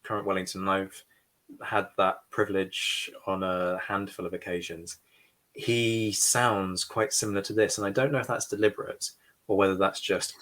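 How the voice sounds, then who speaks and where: Man, podcast host, opinionated, dry sarcasm, low-pitched voice. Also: little pitch movement, moderate pace, a bit bright. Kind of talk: livestream reaction discussion.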